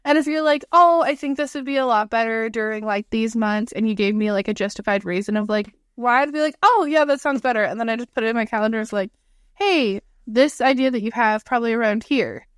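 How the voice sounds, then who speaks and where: A young woman co-hosting a podcast in casual chat, talking fast and loose with lots of "like" and quoting her own comebacks. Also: fairly high pitch, clear, resonant tone, dry recording, clean studio sound. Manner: chatty, full of "like", quoting her own retorts. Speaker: podcast co-host.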